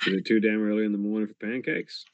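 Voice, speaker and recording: A man playing a tabletop role-play game, speaking calmly in character with dry, teasing remarks. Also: lowish voice, fast, no room sound.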